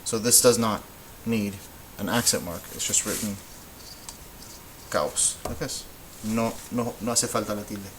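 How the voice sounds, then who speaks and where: A man's voice: lowish voice, fairly even intonation, measured pace, a bit bright, a little hiss or hum, poor audio. A man teaching a lesson at a whiteboard, explaining step by step in a patient way and stopping to correct himself. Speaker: Spanish teacher.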